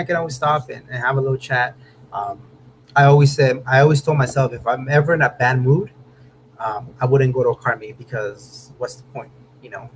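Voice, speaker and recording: A man's voice: mid-range voice, slight background noise, rough recording. A man from Southern California hosting a casual live stream, chatting with viewers in a laid-back way and tossing in "man" and "bro" often. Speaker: host of a car channel livestream. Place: home room.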